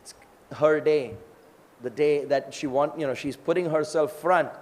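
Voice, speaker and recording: A man's voice: a little high, a little slow, a little mellow, in a large hall. A man giving a scripture lecture, telling stories in a conversational way and often checking in with his listeners. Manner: storytelling, conversational with tag questions.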